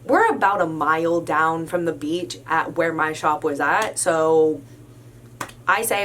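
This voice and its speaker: A young adult woman telling a story about her job in a casual, animated way, with lots of "like"s. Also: fairly low pitch, a little slow, a little hiss or hum. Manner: animated, emphatic retelling with many "like"s. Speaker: storyteller recounting a work incident.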